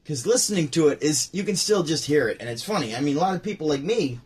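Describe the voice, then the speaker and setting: Husky man chatting and laughing. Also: fairly high pitch, quick pace. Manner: laughs often, repeats jokes excitedly. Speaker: host reacting to comedy. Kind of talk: casual commentary.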